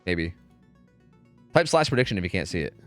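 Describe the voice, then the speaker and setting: A man's voice: deep voice, sing-song, brisk, soft background music. A young man casting esports scrims live on stream, profane and trash-talking as he commentates.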